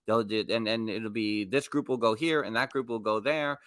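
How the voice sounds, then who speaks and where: A man co-hosting a podcast, talking in a relaxed, rambling casual chat. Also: fairly low pitch, moderate pace, dry recording, clean studio sound. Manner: easygoing, lots of "you know" and fillers. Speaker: podcast co-host.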